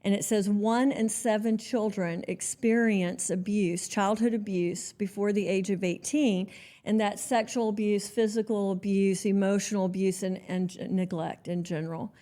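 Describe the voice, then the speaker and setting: A woman hosting an interview podcast in a mellow, warm voice at a mid pitch. She speaks in a measured, earnest way and chooses her words carefully as she leads the conversation. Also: fairly even intonation. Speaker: podcast host.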